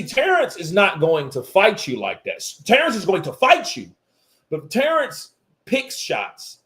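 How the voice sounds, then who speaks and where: Casting man, livestream host, casual boxing chatter, animated pitch swings, quick to laugh. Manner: loose, joking, laughs often, mimics punch sounds. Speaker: live stream host.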